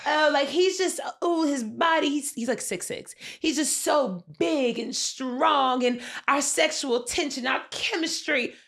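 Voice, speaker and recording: Woman mimicking a gushy young Southern blonde contestant, country twang, breathy, high and drawn out. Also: measured pace, hardly any pauses, fairly bright tone, exaggerated voice. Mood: gushing.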